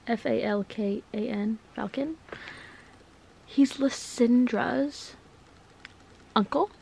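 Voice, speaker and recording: Gushing high-voiced young woman book vlogger. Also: slow, vocal fry, long pauses, a little hiss or hum. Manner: gushing, excitable, says "like" a lot. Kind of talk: casual reading vlog chat.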